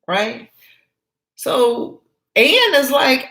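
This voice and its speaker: A woman doing motivational storytelling in an animated way, with chatty asides to her viewers. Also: high voice, very slow.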